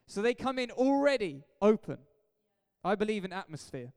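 Energetic high-voiced pastor preaching. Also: male voice, moderate pace, clean tone. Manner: energetic, jokey, emphatic preaching. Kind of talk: sermon. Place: church hall. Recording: echoey hall reverb.

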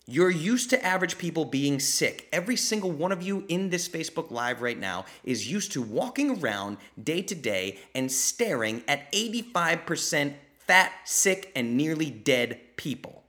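A man with a bright, forward voice hosts a live question-and-answer session. He talks bluntly and gets fired up, throwing in swear words for emphasis. He mimics the people he talks about in quoted voices. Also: on the high side, very animated, moderate pace, hardly any pauses. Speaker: podcast host answering listener questions. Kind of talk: live Q&A chat.

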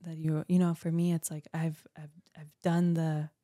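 A woman's voice: sits low, little pitch movement, moderate pace, dark tone, no echo, studio quality. A woman from Colombia, a podcast guest, talking in an earnest, searching way with many restarts. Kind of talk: reflective conversation.

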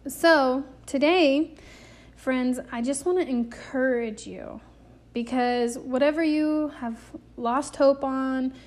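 A woman's voice: sits high, takes it slowly. A woman hosting a devotional podcast, talking earnestly in a preacherly way with lots of repetition, emotional and close to tears. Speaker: podcast host.

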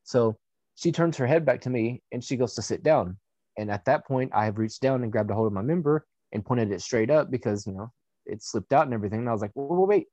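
A young man tells a personal story in a loose, conversational way, full of fillers and blunt swearing. His voice sits in a middle pitch and sounds dry and close, with no room around it. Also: fast, dark tone, dry recording. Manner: candid and profane, with frequent fillers. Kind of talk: casual personal anecdote.

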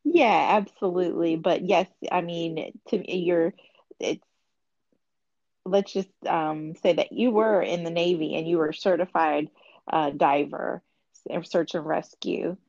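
A woman in a casual chat with her husband, hesitant and supportive, with pauses as she speaks. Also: lowish voice, vocal fry, darkish tone, dry recording, dull audio. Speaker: co-host, wife of the speaker.

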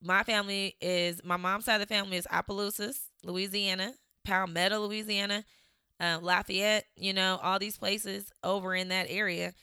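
A woman's voice: medium pitch, flat delivery, moderate pace, pushed and bright, clear, resonant tone, dry recording, clean studio sound. Chatty young woman with a slight Southern drawl. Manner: chatty, lots of fillers, laughs often. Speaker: vlogger. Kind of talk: casual reflective talk to camera.

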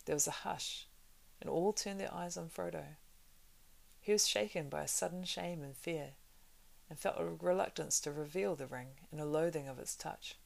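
A woman reads a novel aloud in a steady, unfussy narration. Her voice is low and rough with strong vocal fry, and she stays even-paced throughout. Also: normal speed. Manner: steady, plain narration with small slips.

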